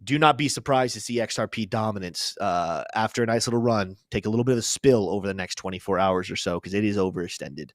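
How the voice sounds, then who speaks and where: A man's voice: fairly low pitch, quick pace, hardly any pauses, no echo, studio quality. A young man hosting a live crypto show, chatting casually through chart commentary with joking, self-deprecating asides.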